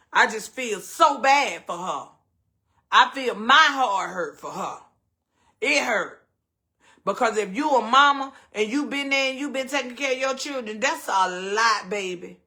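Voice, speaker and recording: Southern guy talking to his viewers like family, high voice, calls everybody baby and honey. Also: pushed and bright. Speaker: host. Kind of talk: casual chat with viewers.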